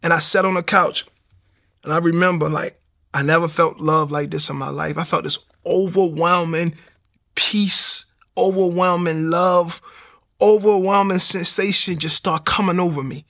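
Man, animated testimony, gravelly and bright. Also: on the high side, normal speed. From Baltimore, USA. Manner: animated street storytelling, acts out the voices. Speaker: speaker giving a testimony. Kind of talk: personal testimony storytelling.

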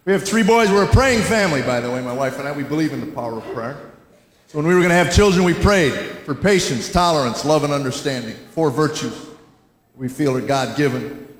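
A man's voice: a little high, expressive, a little fast, slight background noise. A man in his fifties doing a stand-up comedy routine, telling folksy, wry stories full of rhetorical questions. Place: large hall with a laughing audience. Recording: roomy live hall recording. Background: audience laughter.

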